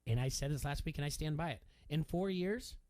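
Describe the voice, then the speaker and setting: A man's voice: fairly high pitch, a little fast. Rambling middle-aged man on sports radio. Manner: rambling, animated, lots of restarts. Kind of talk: casual sports talk.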